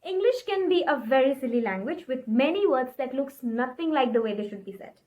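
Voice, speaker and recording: A woman teaching English pronunciation in a video lesson, encouraging viewers and repeating words slowly for them to practice. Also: high-pitched, animated, a little mellow. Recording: faint guitar music behind.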